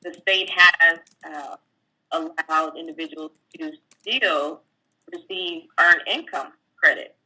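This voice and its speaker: A woman's voice: low voice, slow pace, sharp tone, slightly rough, rough recording. A woman tax professional, a guest, explaining filing rules step by step in a plainspoken, casual way, with fillers. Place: California.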